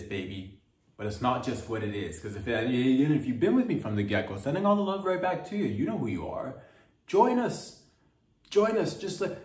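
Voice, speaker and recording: A man's voice: mid-range voice, darkish tone, far from the mic. Comic man, rambling and playful, heard from across a roomy space. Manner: playful, riffing, drifts into mock accents. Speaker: comedy podcast host. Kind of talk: rambling comedic monologue. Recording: roomy sound from off-mic.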